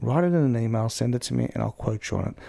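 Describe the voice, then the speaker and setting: Gravelly-voiced man telling a story. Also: medium pitch, rapid-fire, mellow, no room sound. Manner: storytelling, acts out phone calls with put-on voices. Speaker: podcast co-host. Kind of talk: casual chat.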